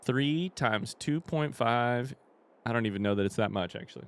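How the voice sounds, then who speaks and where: A man's voice: mid-range voice, sing-song, normal speed. A young man with an Indiana accent, casually thinking aloud and chatting with viewers while streaming a game. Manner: thinks aloud, reads chat, chatty and easygoing. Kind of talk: casual live-stream chat while gaming.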